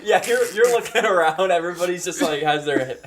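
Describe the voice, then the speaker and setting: A young man co-hosting a podcast in casual chat, giggly and animated. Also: high-pitched, a little fast, over a noisy crowd. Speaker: podcast co-host.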